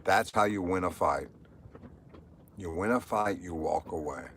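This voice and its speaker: A middle-aged man talks through a live stream in a low voice, circling back to the same phrases over and over. His delivery is rambling and emotional. A faint background hum sits under him. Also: a little slow, fairly bright tone. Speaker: livestreamer. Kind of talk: live stream monologue, reading chat.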